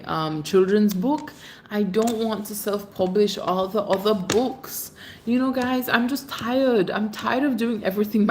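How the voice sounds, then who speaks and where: A woman's voice: medium pitch, slight background noise. A woman hosting a casual livestream, chatting affectionately with her viewers as she reads their comments. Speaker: livestream host. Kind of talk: casual live chat reading comments.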